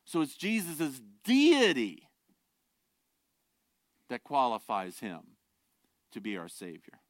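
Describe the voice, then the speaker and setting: A pastor preaching a sermon, earnest and direct, shifting from quiet, low asides to loud, emphatic declarations and rhetorical questions. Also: male voice, huge pitch swings, slow, no echo, studio quality. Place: church.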